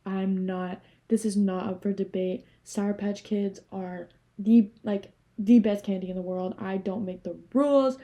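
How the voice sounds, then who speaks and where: A young woman from Canada rambling casually to camera, animated and swearing freely. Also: medium pitch, unhurried, hardly any pauses. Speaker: vlogger.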